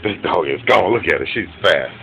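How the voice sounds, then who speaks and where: Deep-voiced man laughing over his dogs. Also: fairly quick, creaky, lo-fi sound, music in the background. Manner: excited, laughing, profane running commentary; quieter and lower toward the end. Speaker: dog owner filming his pets. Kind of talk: casual home video commentary. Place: room in a home with a bed. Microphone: handheld camera.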